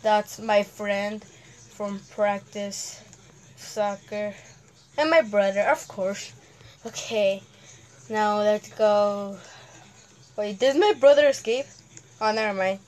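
A woman giving casual gameplay commentary, excitable, humming suspense sounds and talking to the characters on screen. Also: mid-range voice, slow pace, pauses often. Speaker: gamer host.

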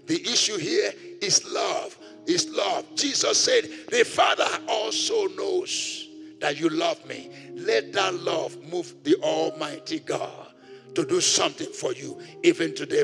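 A male pastor leading a congregation in prayer with a fervent sermon, swinging from loud pleading to hushed murmurs. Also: on the high side, unhurried, gravelly, faint music behind.

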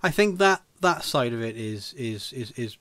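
A man's voice: mid-range voice, expressive, moderate pace, a bit bright, slight background noise. A man co-hosting a casual podcast chat, laughing often and repeating words as he thinks. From United Kingdom. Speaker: podcast co-host.

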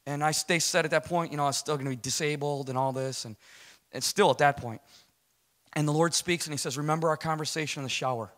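This man's voice is a little high and fairly quick as he gives his personal testimony before a church congregation. His delivery is lively, emphatic, and casual, and he keeps asking "right?" to check in with listeners.

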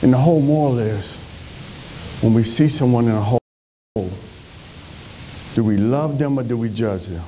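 A man giving an energetic motivational speech on a conference stage, telling stories with animated delivery. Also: mid-range voice, moderate pace, long pauses, slight background noise. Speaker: motivational speaker.

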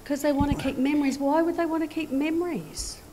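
A middle-aged woman giving a children's talk in a church service, animated and full of questions to the children. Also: sits high, fairly quick, a little hiss or hum.

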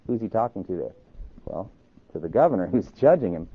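A man's voice: quick pace, slightly rough. A man preaching a sermon as a pastor, reading historical accounts aloud and asking his listeners questions as he tells the story. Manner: animated storyteller, reads quotes aloud and asks the audience questions. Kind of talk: sermon lecture on church history. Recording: tinny, phone-like low-quality recording.

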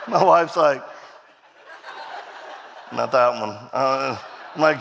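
Gravelly guy giving a funny sermon story on a church stage, voice a bit high, echoey hall. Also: expressive, slow, pauses often, noisy background. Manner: self-mocking, jokey, acts out quoted voices. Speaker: guest speaker. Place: church stage before a congregation. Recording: long hall reverb from a stage.

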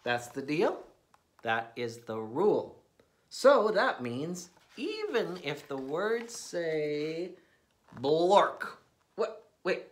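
A man reads a children's book aloud in an animated way for kids, sounding playful and mock-exasperated at its silly words. His voice is a little high, his pitch swoops wildly, and his pace is slow.

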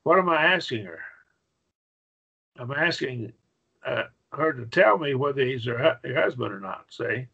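Gravelly man teaching a grammar class. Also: mid-range voice, animated, moderate pace, long pauses, sharp tone, lo-fi sound. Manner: explanatory, checks understanding with "right?". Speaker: Bible Greek teacher. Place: church classroom.

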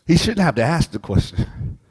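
Husky fervent preacher, a man. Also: fairly high pitch, big pitch swings, normal speed. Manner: fervent preaching that swings from soft to shouted, singing phrases. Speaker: pastor. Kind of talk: sermon.

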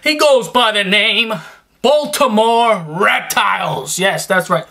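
A man's voice: high-pitched, expressive, a little slow, sharp tone. Young New man, rambling and slangy, casual vlogger tone. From New York. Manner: rambling and slangy, full of fillers and restarts. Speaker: reptile-keeping YouTuber giving shout-outs. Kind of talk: casual vlog chat.

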